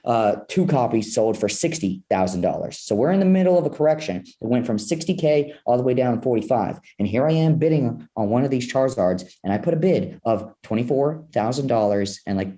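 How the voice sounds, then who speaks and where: A young man, a podcast guest, telling an animated story and acting out his own past reactions. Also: mid-range voice. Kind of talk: energetic storytelling.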